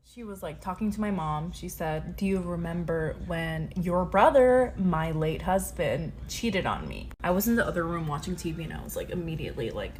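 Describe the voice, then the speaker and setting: A woman's voice: fairly low pitch, a little hiss or hum. A young woman comedian telling a personal family story to her phone camera, candid, profane and emotional. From Korea heritage.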